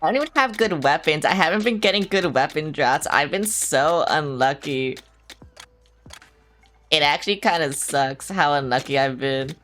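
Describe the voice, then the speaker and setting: A woman's voice: sits low, normal speed, fairly bright tone. A young woman streaming a video game, talking casually to her viewers and a friend, swearing often and teasing herself. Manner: blunt, swears often, self-mocking. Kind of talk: casual live-stream chatter.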